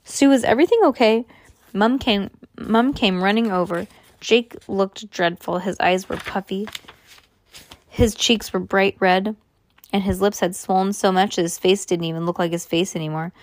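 A woman's voice: medium pitch, fairly even intonation, moderate pace, no room sound. A woman reading a novel aloud, now and then stopping to explain in her own words. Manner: plain reading with spoken asides. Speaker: reader.

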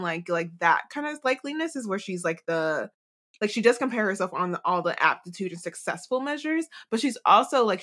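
A woman's voice: fairly low pitch, fairly bright tone. A woman co-hosting a podcast, talking through a book chapter in a loose, rambling way with lots of fillers and restarts. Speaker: podcast co-host. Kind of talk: casual book discussion.

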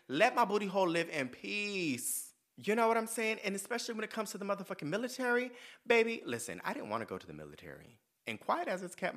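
Bright-voiced sassy male podcast host. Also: medium pitch. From United States. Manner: sassy, profane, animated storytelling. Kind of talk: casual monologue.

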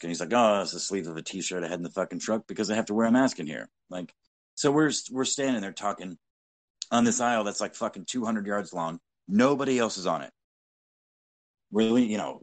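Low-voiced man telling a profane story. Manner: blunt, profanity-laden, animated anecdotes. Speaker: podcast co-host. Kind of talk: casual storytelling chat.

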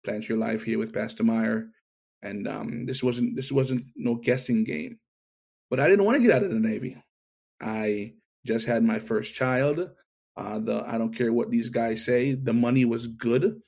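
A middle-aged man tells his testimony in an interview in a gravelly, husky voice. He talks in an animated way and acts out each line of dialogue. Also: medium pitch, unhurried. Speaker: interview guest.

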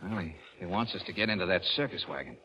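An actor playing a folksy, joking American army corporal, in a 1940s radio drama. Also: male voice, deep voice, lively intonation, fast, sharp tone, dull audio. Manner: folksy, joking, chuckles often. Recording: old radio recording with faint hiss.

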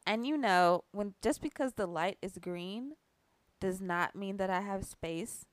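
A woman co-hosting a podcast, telling her own story in an emphatic, expressive way during casual chat. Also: mid-range voice, a little slow, no room sound. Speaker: podcast co-host.

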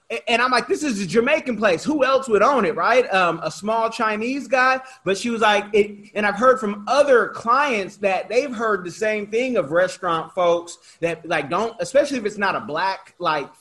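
A man from Oakland hosting a casual interview, talkative and animated, often restarting his sentences. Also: high voice, normal speed, few pauses. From Oakland, California. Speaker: podcast host.

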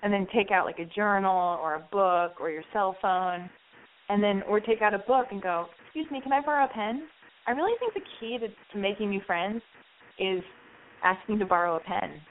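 A woman's voice: mid-range voice, normal speed. Chatty woman host on a tinny line. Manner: chatty, acts out scenes with quoted voices. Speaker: advice show host. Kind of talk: casual advice chat. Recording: tinny phone-like sound with faint noise.

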